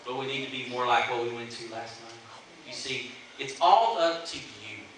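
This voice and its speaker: A man's voice: mid-range voice, normal speed, fairly bright tone. A man preaching a sermon in a church in a conversational way, often asking "right?" to check in with the congregation. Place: church sanctuary. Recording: echoey church hall, mic at a distance.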